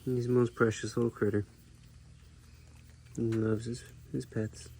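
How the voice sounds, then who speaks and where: A man who keeps an animal sanctuary, narrating a casual vlog and chatting gently to the animals. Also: medium pitch, a little slow, vocal fry, slight background noise. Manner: relaxed, chatty, speaks softly to the animals.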